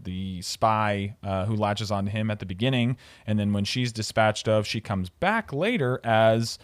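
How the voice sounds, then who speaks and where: A man's voice: fairly low pitch, a little slow, no echo. A man hosting a film podcast, explaining his thoughts at length in a casual, articulate way. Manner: articulate, explanatory, some fillers. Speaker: podcast host.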